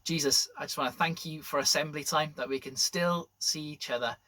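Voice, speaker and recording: A man presenting a school assembly, telling a story to children in an animated way that drops to whispers. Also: fairly high pitch, brisk.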